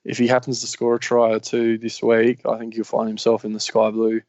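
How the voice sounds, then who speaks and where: A man's voice: medium pitch, monotone, fairly quick, a little mellow, no echo. A man with an Australian accent hosting a casual sports podcast, rambling along with lots of ums and yeahs. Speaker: podcast host. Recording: slightly muffled lo-fi recording.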